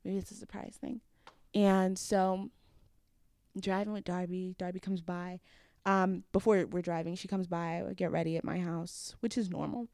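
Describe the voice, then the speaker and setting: Gravelly-voiced young woman telling a story. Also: normal speed, no room sound, studio quality. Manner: animated, acts out quotes with big jumps in pitch. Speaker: interview guest. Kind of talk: casual storytelling.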